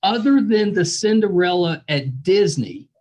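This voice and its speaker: A man hosting a podcast interview, friendly and quick to laugh, nodding along with short replies. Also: sits high, lively intonation, a little mellow. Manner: friendly, laughs often, fills with yeah. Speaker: podcast host. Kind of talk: casual interview chat.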